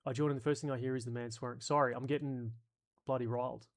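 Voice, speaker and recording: A man's voice: medium pitch, fairly even intonation, fast talker. Sweary Australian man reading chat. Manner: sweary, exasperated, talks through ideas. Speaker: YouTube host reading live chat. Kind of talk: live stream chat reading.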